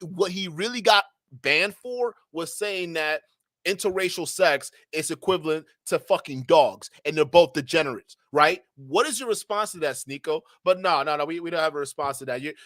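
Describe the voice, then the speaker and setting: A man's voice: fairly high pitch, moderate pace, a bit bright, no echo, studio quality. A man giving casual reaction commentary, heated and profane, repeating "bro" often.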